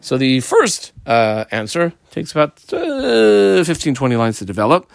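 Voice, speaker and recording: A man teaching a Talmud page line by line, explaining each phrase and marking up the text as he goes, sometimes quick, sometimes slow and stressed. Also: on the high side, wildly swooping pitch, creaky, no room sound, clean studio sound. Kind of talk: page-by-page study lesson.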